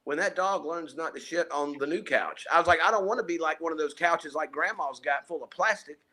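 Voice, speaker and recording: Male co-host, fairly high bright voice, animated casual storyteller who acts out quotes. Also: fairly quick. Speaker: podcast co-host. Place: home, remote call.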